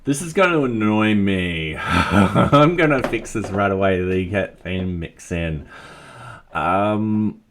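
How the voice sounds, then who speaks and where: Slow and expressive, this low, slightly bright male voice carries a little hiss or hum. He's Australian, coding on stream, thinking out loud and chatting casually with self-deprecating humor while reading chat.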